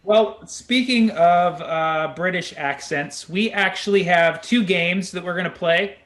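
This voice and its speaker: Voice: mid-range voice, unhurried. Laid-back, giggly host. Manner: relaxed, giggly, loose. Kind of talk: casual chat.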